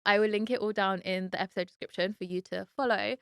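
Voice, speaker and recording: A woman's voice: mid-range voice, fairly even intonation, quick pace, vocal fry, clear, resonant tone, no echo, clean studio sound. A young British woman from the UK hosting a casual solo podcast, chatty and heartfelt, often saying "like". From United Kingdom. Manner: chatty and heartfelt, lots of "like" fillers. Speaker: podcast host.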